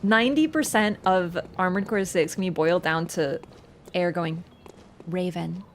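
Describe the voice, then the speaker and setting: Chatty, excitable young woman streamer. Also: lowish voice, moderate pace, a little hiss or hum. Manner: chatty and excitable, swears and laughs often. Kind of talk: casual gameplay commentary.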